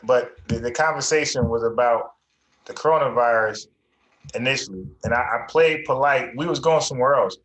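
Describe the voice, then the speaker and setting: A man's voice: medium pitch, a bit bright. Insistent male host, echoey room. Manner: firm, insistent, repeats himself. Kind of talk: heated debate.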